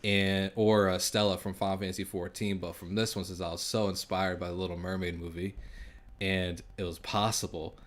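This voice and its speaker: Deep-voiced man, relaxed podcast host, chatty storyteller. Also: moderate pace. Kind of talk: casual chat about video games.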